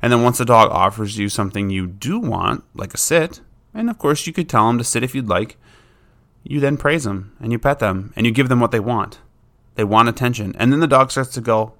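A man in the role of a dog trainer talks through problem behaviors in a relaxed, conversational manner. His voice sits at an ordinary middle pitch. He is plain-spoken and informal, and now and then he voices what a dog might be thinking. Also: fairly quick. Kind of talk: casual instructional talk.

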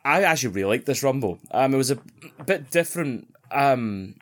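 A man's voice: mid-range voice, animated, a little fast. Scottish male podcast host, rambling casual banter, lots of swearing and laughs. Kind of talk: casual chat.

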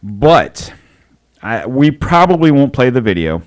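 Man co-hosting a podcast, loose and jokey, mid-pitched, rambles in casual chat. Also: sing-song, unhurried. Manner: joking, rambling, laughs often. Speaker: podcast co-host.

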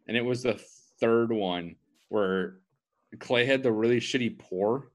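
A man's voice: mid-range voice, a little slow. A young man co-hosting a casual podcast, telling stories in a laid-back way with lots of "like". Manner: laid-back, filler-heavy storytelling. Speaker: podcast co-host. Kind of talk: casual chat.

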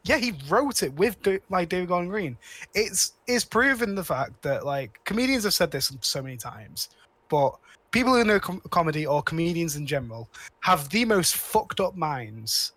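A man's voice: high-pitched, very animated, moderate pace, fairly bright tone, no room sound. A man co-hosting a podcast, rambling casually about films with lots of restarts and cheerful swearing. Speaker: podcast co-host. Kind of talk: casual chat.

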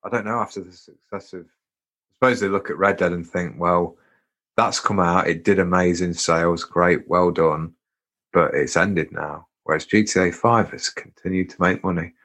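A man with a very low voice chats on a podcast in an easygoing way. He often stumbles and repeats words as he gathers his thoughts. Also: steady tone, moderate pace, a bit bright. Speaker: podcast co-host, actor. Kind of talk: casual podcast chat.

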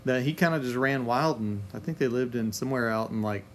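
A man chatting casually on a podcast, relaxed and agreeable, often saying yeah. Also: mid-range voice, fairly quick, a crowd in the background. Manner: relaxed, agreeable, lots of yeahs.

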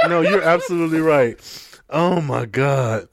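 A man's voice: on the high side, sing-song, measured pace, a little hiss or hum. A man co-hosting a podcast, chatting casually about a movie, laughing, swearing and exclaiming often. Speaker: podcast co-host. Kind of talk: casual chat, movie review.

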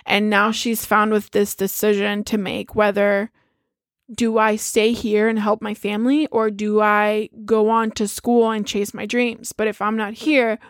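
A woman in casual chat, retelling a movie in a lively way, swearing freely and acting out the characters' lines. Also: mid-range voice, unhurried. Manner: animated storyteller, swears freely, acts out quotes.

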